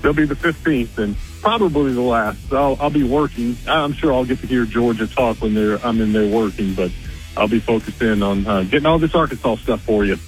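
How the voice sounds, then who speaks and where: A reporter calls in to a radio show from media days, chatting casually and rambling with lots of fillers, frequently losing his train of thought. His voice is medium-pitched and fairly quick, coming through a tinny, dry phone line with soft background music.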